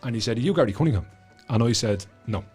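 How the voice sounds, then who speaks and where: A Dublin Irish man talks fast as a podcast guest, spinning an anecdote at a steady middle pitch. He swears freely and slips into the voices of the people in his story, with faint music underneath. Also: husky. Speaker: guest author. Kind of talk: animated storytelling.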